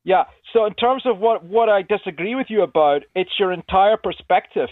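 A male caller from Scotland, polite and earnest, with a fairly high voice. He comes through a tinny phone line with a dry, close sound. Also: normal speed, no room sound.

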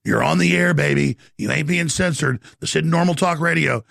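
A man hosting a live call-in talk show, ranting in a rapid, combative way. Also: on the high side, creaky, fairly bright tone, dry recording, studio quality.

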